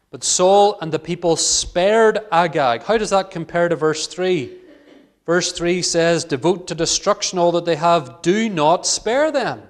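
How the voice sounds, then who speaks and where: A man preaching an earnest expository sermon, reading scripture aloud and voicing its dialogue with rising emphasis. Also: fairly high pitch.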